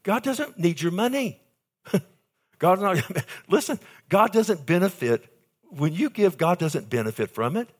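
An older man preaching a sermon as pastor, calling out to his congregation and stretching key phrases slowly for emphasis. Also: animated. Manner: emphatic preaching with sudden high pitch jumps and slowed key phrases; calls out to congregation with "amen" and "loved one".

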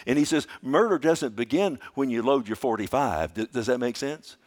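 A man preaching a sermon as pastor in a church, animated, asking rhetorical questions and swinging between loud emphasis and quiet asides. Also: medium pitch, moderate pace, hardly any pauses.

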